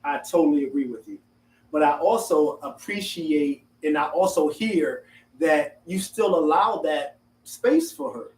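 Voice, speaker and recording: High-voiced man hosting a roomy group talk. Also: unhurried, recorded from a distance. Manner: laughs often, animated and emphatic. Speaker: discussion host. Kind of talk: group discussion. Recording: roomy sound from off-mic.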